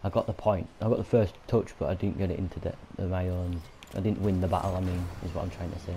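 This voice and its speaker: A lower-voiced man with a Yorkshire accent rants and swears as he plays a video game. He keeps up a running commentary that bursts into loud frustration. A faint hiss of noise sits behind him. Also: fairly even intonation, fast, vocal fry. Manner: swearing, ranting, frequent angry outbursts. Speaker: gamer. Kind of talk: gaming commentary.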